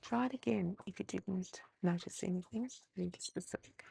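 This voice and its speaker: An Australian woman teaching mindfulness, calmly guiding slow breathing and gentle movement. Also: medium pitch, creaky, husky. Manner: calm, slow, gently instructive. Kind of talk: guided movement and breathing instruction.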